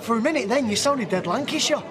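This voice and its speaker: A cheeky young lad, full of teasing banter. His voice sits high, with a busy crowd chattering behind. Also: animated, fast talker. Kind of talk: TV soap drama acting.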